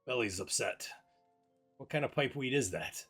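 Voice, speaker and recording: A man's voice: medium pitch, lively intonation, normal speed, fairly bright tone, slightly rough, soft background music, voice pushed up. A man voicing a young woman who groans and complains of an upset belly. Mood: queasy. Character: queasy young woman after pipeweed.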